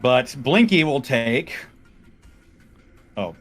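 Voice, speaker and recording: A man's voice: medium pitch, very animated, drawn-out words, faint music behind. A man playing a character in a tabletop game, casually declaring his actions and dice rolls. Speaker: player.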